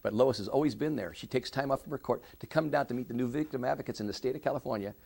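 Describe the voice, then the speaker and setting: A middle-aged man giving an oral history interview, speaking earnestly with many halting restarts. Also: medium pitch, gravelly, a little mellow, slightly rough. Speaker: interviewee, victim services director.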